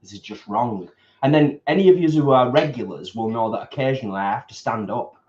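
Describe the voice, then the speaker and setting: Man, casual livestream chat while eating, easygoing, medium pitch, echoey muffled room. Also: expressive, fast talker, darkish tone, a little hiss or hum. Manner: easygoing, chatty, reads viewer comments. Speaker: co-host of a vegan livestream. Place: home, at a table while eating. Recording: echoey room, slightly dull sound.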